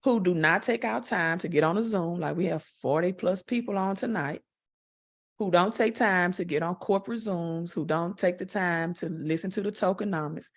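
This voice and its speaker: A woman with a Southern US accent answering interview questions in a direct, confident way, talking slowly with many fillers. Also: lowish voice. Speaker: guest, network marketer.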